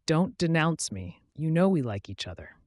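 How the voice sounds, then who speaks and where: A man voicing a gentle, soothing young woman in love in an audiobook. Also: low-pitched, sing-song, moderate pace, dry recording, studio quality, voice pushed up. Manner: soothing, lightly teasing.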